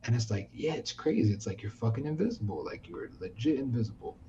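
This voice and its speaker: A man from the United States, a podcast guest chatting casually, who tells animated stories and acts out what people said. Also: mid-range voice, quick pace, highs cut off, noisy background. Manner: animated storyteller, acts out quoted speech. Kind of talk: casual chat.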